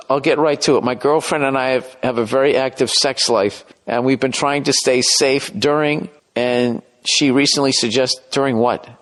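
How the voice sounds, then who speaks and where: A man's voice: medium pitch, a bit bright. Middle-aged male podcast host, profane and self-deprecating, rambling comic rant. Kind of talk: rambling comedic podcast monologue.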